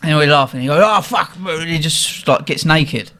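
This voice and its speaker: A young man tells a lively story in a casual chat, often breaking into laughter. He acts out the lines of his friends as he goes. His voice sits a little on the higher side. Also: moderate pace. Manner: laughing often, animated anecdote with quoted voices.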